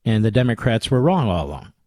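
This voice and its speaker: A man's voice: lowish voice, sing-song, quick pace, a little mellow, no echo. An older man hosting a political talk radio show, combative and sarcastic, speaking into a studio microphone.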